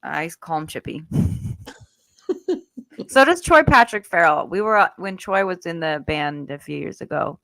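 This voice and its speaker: A woman's voice: lowish voice, lively intonation, normal speed, vocal fry, pauses often, bright, forceful tone, no echo. A woman guest in a casual interview, chatty and laughing often. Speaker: guest, author.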